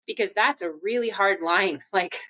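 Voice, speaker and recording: A young adult woman chats as a podcast guest, her voice bright and forward. She tells stories with lots of energy and slips into other people's voices as she quotes them, at an ordinary middle pitch. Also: normal speed. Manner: animated storyteller, acts out quoted dialogue. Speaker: physical therapist guest. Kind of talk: casual podcast interview.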